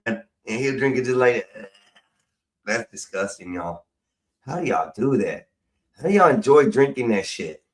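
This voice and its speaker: A man's voice: medium pitch, lively intonation, moderate pace, long pauses, low-quality recording. A man hosting a stream, rambling casually and profanely while drinking. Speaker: stream host. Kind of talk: casual rambling livestream chat.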